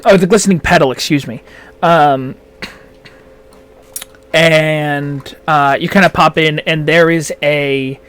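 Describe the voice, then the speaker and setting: A man narrating as game master, halting and full of fillers. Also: a little high, fairly even intonation, fairly bright tone, clear, resonant tone.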